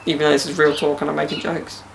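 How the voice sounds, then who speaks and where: A young man chats loosely and jokily on his podcast, dropping slang as he goes. His voice sits a little high and has a gravelly, creaky edge. Faint outdoor hiss runs underneath. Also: monotone, fast. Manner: joking banter with slang. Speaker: podcast host. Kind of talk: casual podcast chat. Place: outdoors in a garden.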